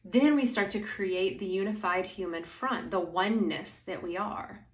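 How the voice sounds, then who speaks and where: A woman's voice: medium pitch, a little slow, reverberant. A woman acting as a spiritual guide, talking casually and rambling with many "like" fillers. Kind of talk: spiritual monologue.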